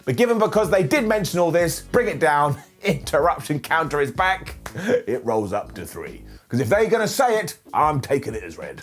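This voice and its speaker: A man hosting a casual review show, talking in an animated, jokey and ranting way. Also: a little high. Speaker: host. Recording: faint background music.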